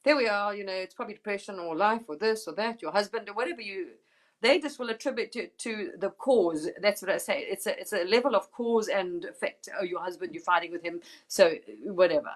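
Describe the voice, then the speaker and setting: A woman's voice: medium pitch, fairly quick. A woman hosting a casual spiritual live chat, talking emphatically and rambling a little, with mild swearing and laughter.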